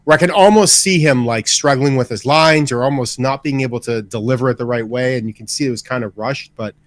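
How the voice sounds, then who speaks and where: Relaxed man co-host, dry sound. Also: medium pitch, a little fast, dry recording. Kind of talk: casual chat.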